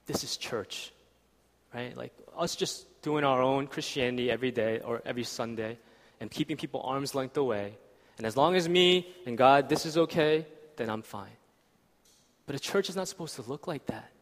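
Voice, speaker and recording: Conversational man preaching in a hall. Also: on the high side. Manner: conversational, asks "right?" often. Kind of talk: sermon. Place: church hall. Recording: reverberant church hall.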